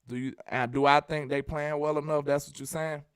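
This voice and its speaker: A man from Alabama, hosting a casual sports live stream, reading viewer messages and joking in a sing-song, animated way. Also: a little high, a little fast, smooth, dry recording, studio quality.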